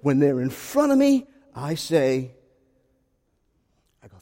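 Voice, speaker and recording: Male pastor, sermon delivery, soft asides building to shouts, echoing church hall. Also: on the high side, sing-song, moderate pace, long pauses. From South Carolina. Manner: swings from hushed to shouting.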